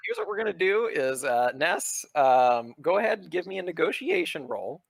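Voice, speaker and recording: A man runs a tabletop game, narrating casually and chatting with his players. His pitch moves a lot. The recording is dry and close. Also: very animated, normal speed, vocal fry, husky, dry recording. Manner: casual, chatty, lots of fillers. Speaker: game master.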